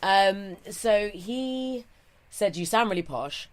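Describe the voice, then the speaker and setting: A woman in her thirties from England speaks in a mid-range, animated voice at a slow pace, with a posh English RP accent. She's a comedian who performs a stand-up set and then chats casually as an interview guest, wry and self-mocking throughout.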